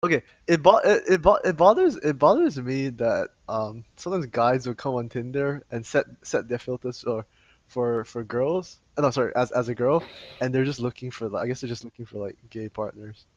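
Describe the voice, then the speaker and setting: A young man, teasing his co-host with deadpan jokes. His pitch swings widely, and the recording sounds dull and lo-fi. He talks in a loose podcast banter style. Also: normal speed. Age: young adult.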